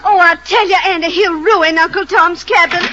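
A woman's voice: extremely high pitch, fairly even intonation, moderate pace, muffled recording, background noise. An actress playing a fretful young showboat woman who speaks in folksy Southern dialect in a 1930s radio comedy.

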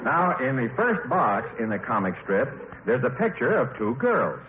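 A man hosts an old radio comedy show, stumbling over his words in a wry, chatty way. His pitch moves a lot. The sound is dull and lo-fi, with a faint hiss behind it. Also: very animated, moderate pace.

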